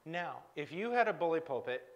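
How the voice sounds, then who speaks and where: A man leads a live-streamed coaching conversation. His voice sits a little high and moves a lot in pitch. He mirrors his guest's words back to her and follows up with probing questions. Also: big pitch swings, brisk, dull audio. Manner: reflective, probing questions with frequent affirmations.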